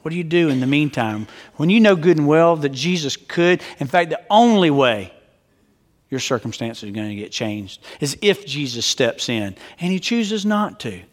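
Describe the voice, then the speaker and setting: Middle-aged male pastor, high-pitched, emphatic storyteller, sermon in a reverberant hall. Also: sing-song, moderate pace. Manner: conversational, joking, emphatic storyteller. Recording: long reverb of a large hall.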